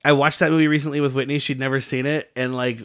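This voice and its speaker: A man's voice: medium pitch, level tone, fast talker, a bit bright, smooth. A man co-hosting a movie podcast, talking in a rambling, profane way and laughing often. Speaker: podcast co-host reviewing a bad movie. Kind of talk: casual chat.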